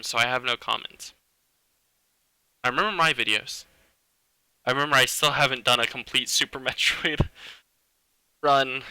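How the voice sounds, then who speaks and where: A man's voice: medium pitch, bright, forceful tone, clear, resonant tone, no room sound. A man streaming a game live, chatting casually and reacting to chat and game music. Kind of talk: casual live gameplay commentary. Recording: game music playing behind.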